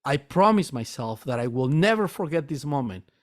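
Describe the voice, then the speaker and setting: A man who owns a metaphysical store and teaches meditation, telling a personal story in an earnest, halting way and repeating words as he goes. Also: mid-range voice, very animated.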